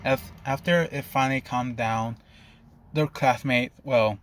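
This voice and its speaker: A man's voice: mid-range voice, fairly even intonation, measured pace, slight background noise. A man narrating an improvised fan fiction story in a loose, rambling way, often stopping to rephrase.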